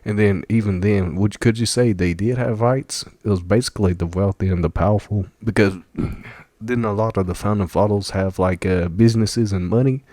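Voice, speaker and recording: Brief: low-voiced man in a dry, close recording, casual reaction talk full of fillers and laughs. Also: steady tone, moderate pace, hardly any pauses, dark tone, dry recording. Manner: rambling, many fillers, laughs often. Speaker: video reactor.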